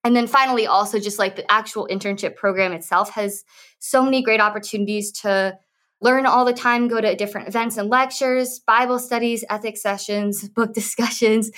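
A woman's voice: on the high side, a bit bright. A young adult woman from the Washington, D.C. area, a student intern giving sincere interview answers. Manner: earnest, sincere.

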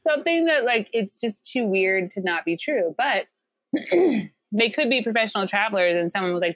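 Podcast co-host, woman, mid-pitched voice, dry jokey asides. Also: animated, normal speed, a bit bright, dry recording. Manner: wry, joking asides with laughter. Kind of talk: casual podcast chat.

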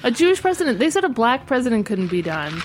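A woman's voice: a little high, big pitch swings, fast. Wry female podcast guest. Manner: wry, teasing. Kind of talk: casual chat.

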